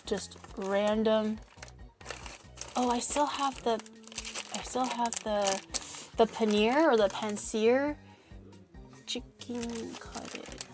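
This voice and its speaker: Rambling woman streamer, fairly high voice. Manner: rambling, with animated mock-outraged rants. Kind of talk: casual livestream chat while cooking.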